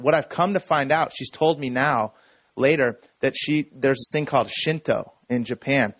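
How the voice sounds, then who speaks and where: A man telling a personal story from the stage in a relaxed, conversational way, checking in with the audience as he goes. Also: medium pitch, a little fast, breathy edge, dry recording. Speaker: speaker. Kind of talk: conference talk.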